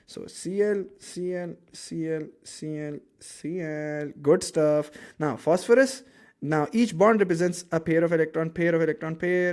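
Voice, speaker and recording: A man's voice: fairly high pitch, a little slow, darkish tone. A man teaching a chemistry lesson in a casual, jokey way, counting aloud as he draws and mocking his own sketches.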